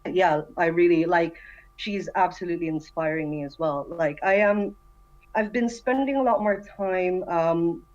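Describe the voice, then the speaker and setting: A woman's voice: lowish voice, unhurried, a little mellow, highs cut off. A woman chatting casually in an online voice meeting, enthusiastic and full of fillers. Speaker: community member introducing herself. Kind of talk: casual voice chat.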